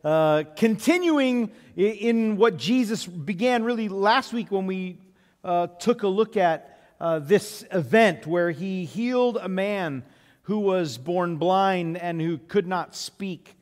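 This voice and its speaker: A man preaches a sermon in a large church, his fairly high voice carrying a long hall reverb. He talks in a relaxed, storytelling way, with many "uh"s and restarts. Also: slow. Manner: conversational storytelling with frequent fillers. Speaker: pastor.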